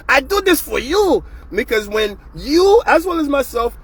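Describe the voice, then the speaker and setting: Very high-pitched man ranting bluntly. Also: big pitch swings, measured pace, no room sound. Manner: blunt, profane, fired-up. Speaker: show host. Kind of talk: casual ranting monologue.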